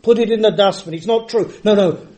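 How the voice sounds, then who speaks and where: An older man preaches emphatically, stretching words slowly and then speeding up. His voice is mellow and dark but sits fairly high. The sound carries a roomy echo, as in a church hall. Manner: emphatic, varies pace and volume, drawn-out words. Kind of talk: sermon. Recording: echoey hall.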